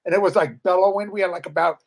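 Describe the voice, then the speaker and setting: High-voiced middle-aged man telling rowdy stories. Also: fairly even intonation, racing, vocal fry. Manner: rambling and profane, acts out quoted voices. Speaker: guest, former metal band guitarist. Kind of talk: casual storytelling chat.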